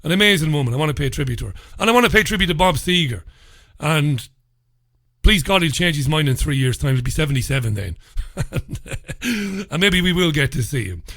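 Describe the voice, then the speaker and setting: A chatty man hosts his radio show, greeting listeners one after another while getting over a head cold. His voice sits a little high and sounds bright and forceful. The studio sound is dry and close. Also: animated, brisk, dry recording. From England. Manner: chatty, warm greetings to listeners, swears mildly. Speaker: radio host. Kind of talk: casual radio show chat.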